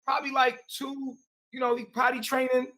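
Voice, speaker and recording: A man with a high voice defends himself in an interview, repeating himself and using slang. He sounds set back from the microphone. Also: monotone, moderate pace, bright, forceful tone, far from the mic.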